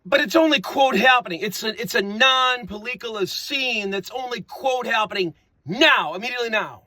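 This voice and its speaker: A man's voice: very high-pitched, moderate pace, bright, forceful tone, a little hiss or hum. A man rambling through an improvised comic monologue, repeating himself with playful wordplay.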